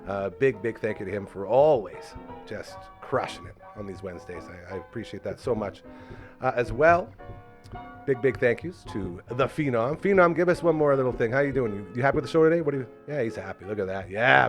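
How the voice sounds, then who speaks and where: A man's voice: medium pitch, expressive, a little fast, soft background music. A man from Canada hosting a local podcast, upbeat and effusive as he thanks guests and signs off. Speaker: podcast host. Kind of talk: casual chat.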